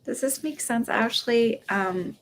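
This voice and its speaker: Speaking slowly in a fairly high voice, a young psychic medium host chats her way through live-stream readings. She hesitates often, leaning on fillers and starting sentences over.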